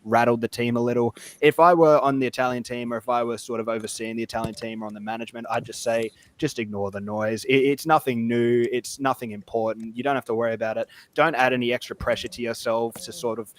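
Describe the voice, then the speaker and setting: A man talking quickly in a mid-pitched voice on a casual podcast. He builds his point earnestly, pausing on the odd filler and restart. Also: steady tone.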